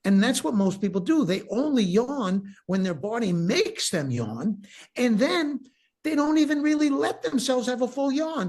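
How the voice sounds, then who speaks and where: An enthusiastic man talks in a casual interview, explaining things with real energy and breaking into laughter now and then. His voice is a little husky, and his pitch swings widely as he makes his points. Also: normal speed. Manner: animated, enthusiastic, laughs often, restarts sentences. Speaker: breathwork teacher, podcast guest.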